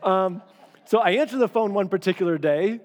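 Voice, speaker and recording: A man's voice: high voice, a little fast. A male pastor preaching in a casual, conversational way, often repeating phrases for emphasis. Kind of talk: sermon. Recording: long hall reverb.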